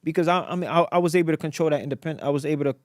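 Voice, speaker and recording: A man from Africa, a guest entrepreneur in a casual podcast interview, telling stories in a slangy, animated way with lots of repetition. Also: fairly high pitch, racing, no room sound, clean studio sound.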